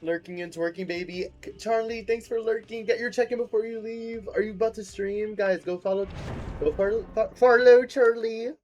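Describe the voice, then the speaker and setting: A man's voice: high voice, steady tone, brisk, a little mellow, muffled recording, soft background music. A man streaming a game from home, chatting casually with viewers and cheering and laughing often. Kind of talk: casual gaming livestream chat.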